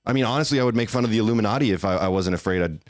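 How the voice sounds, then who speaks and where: A man's voice: lowish voice, very fast, no echo, clean studio sound. A young man from Texas hosting a podcast livestream, chatting casually and joking with his producer. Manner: laid-back, joking, says dude and bro. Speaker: podcast host.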